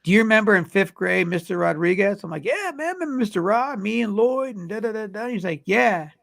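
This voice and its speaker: A man's voice: high voice, a little fast, creaky, a bit bright. A man co-hosting a podcast, telling a rambling, profane story in casual chat. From California. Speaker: podcast co-host.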